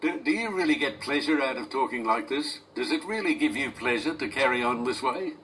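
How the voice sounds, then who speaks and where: A man's voice: medium pitch, animated, fairly quick, a bit bright. Indignant elderly male radio host. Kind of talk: talk radio. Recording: distant radio recording with faint noise.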